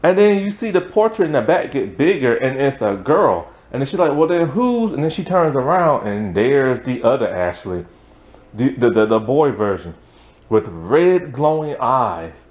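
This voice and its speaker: Rambling, animated man recapping a film. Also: mid-range voice, normal speed. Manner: rambling, full of "like" and "um", chuckles often. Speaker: film reviewer. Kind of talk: casual plot recap.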